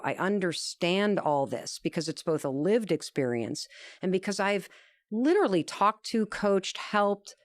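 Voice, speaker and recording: Emphatic woman with a low voice. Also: no room sound, clean studio sound. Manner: animated, acts out quoted dialogue; earnest and emphatic. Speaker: guest. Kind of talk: conversational interview storytelling.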